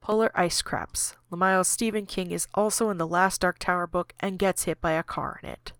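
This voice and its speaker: Deadpan woman reading a chat log. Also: lowish voice, moderate pace, clear, resonant tone, dry recording, clean studio sound. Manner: deadpan, reads usernames and emoticons aloud. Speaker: podcast narrator.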